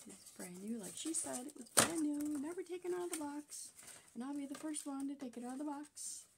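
Woman, casual unboxing chat, chatty and excited, slightly high voice. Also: fairly quick, creaky, heavy background noise. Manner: chatty, gushing over crafts. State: out of breath. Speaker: craft channel host. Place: at a table at home.

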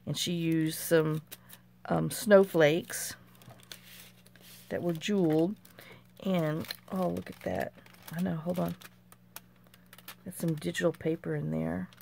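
A middle-aged woman with a low, gravelly voice chats through a pile of handmade craft mail. She exclaims over each little piece and mutters to herself as she goes, sometimes dropping to a near whisper. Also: a little mellow, slight background noise. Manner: chatty, talks to herself while handling items, exclaims often. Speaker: craft channel host. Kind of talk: casual show-and-tell of craft mail.

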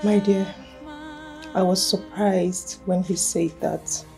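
A woman's voice: medium pitch, flat delivery, takes it slowly, creaky, faint music behind. An actress with a Nigerian accent playing a young woman who pleads with her boyfriend and turns outraged at his insult. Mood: reflective. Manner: pleading softly, then outraged. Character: young woman, loving girlfriend, hurt and fiery. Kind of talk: film drama acting.

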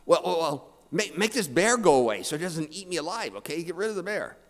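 A man's voice: on the high side, big pitch swings, brisk, pitched above the performer's own voice. An older man playing a panicked atheist who stammers and pleads in a joke told during a sermon. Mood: frantic. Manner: stammering, pleading, later snarky. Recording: long church reverb.

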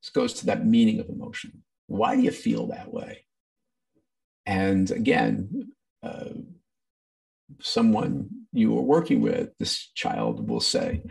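A man's voice: lowish voice, huge pitch swings, slow pace, gravelly, a little mellow, recorded from a distance. A man teaching a training session in a conversational way, with many ums and acted-out quotes. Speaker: workshop presenter.

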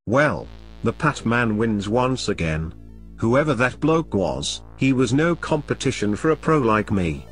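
A man hosts a scripted comedy sketch as a boastful, foul-mouthed game collector, ranting in an animated voice that swings up and down. Soft music sits faintly behind him. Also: mid-range voice, a little slow, breathy edge. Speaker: comedic host playing an angry game collector.

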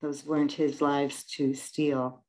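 A woman moderating a panel, speaking in a reflective, measured way. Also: low voice, flat delivery, mellow, rough recording. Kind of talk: panel talk.

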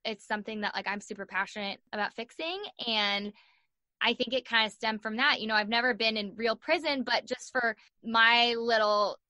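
A young woman telling a story as a podcast guest, animated, acting out the voices of the people in it and saying "like" a lot. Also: fairly high pitch, moderate pace, dry recording. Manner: animated, acts out voices in her stories, says "like" a lot. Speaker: guest, sports journalist and podcaster. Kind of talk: casual storytelling in an interview.

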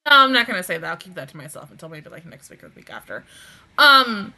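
A woman hosting a casual anime reaction review, excitable and swearing a lot, breaking into laughter often. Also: medium pitch, quick pace, vocal fry.

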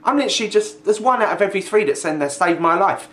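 A man's voice: sits high, lively intonation, quick pace, a bit bright. A young man ranting angrily in a vlog, sweary and mocking, sounding exasperated. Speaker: video ranter. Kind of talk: angry vlog rant.

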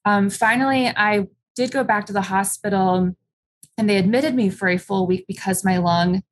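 A woman's voice: mid-range voice, normal speed, slight background noise. A woman guest in an interview, candidly and plainly recounting a personal experience, with frequent ums. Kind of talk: personal storytelling.

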